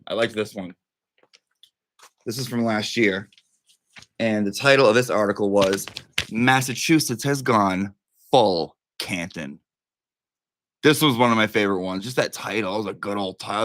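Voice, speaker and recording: A man's voice: on the low side, moderate pace, a bit bright, a little hiss or hum. Chatty profane man. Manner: chatty, profane, talks to his dog mid-stream. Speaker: livestream host. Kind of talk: casual livestream chat.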